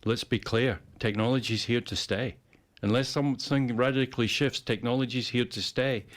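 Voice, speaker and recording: A man's voice: mid-range voice, fairly even intonation, normal speed. A man in casual conversation, rambling and repeating words as he muses. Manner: rambling, repeats words, puts on playful voices. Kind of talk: casual chat.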